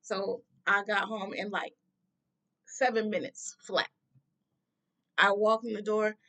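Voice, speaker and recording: Gravelly woman telling a story bluntly. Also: medium pitch, little pitch movement, slow, a bit bright. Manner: emphatic, blunt, conversational. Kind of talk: personal story time.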